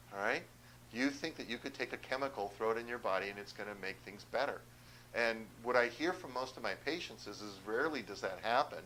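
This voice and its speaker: A man's voice: medium pitch, bright, forceful tone, a little hiss or hum, rough recording. A man speaking as a chiropractor, giving a direct, persuasive health talk and often asking the audience questions. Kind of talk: health seminar talk to viewers.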